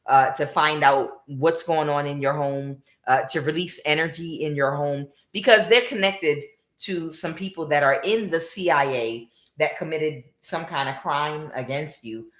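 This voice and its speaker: A woman's voice: sits low, measured pace, roomy sound. A woman giving a casual tarot reading, mocking and scolding, with many filler uhs. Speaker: tarot reader.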